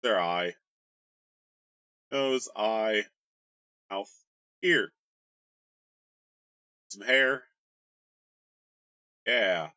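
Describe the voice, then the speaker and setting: Game master guy riffing on his world lore, bright animated voice, dry close sound. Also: on the low side, extremely slow, long pauses, dry recording. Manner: rambling, jokey, crude humor. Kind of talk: casual worldbuilding explainer.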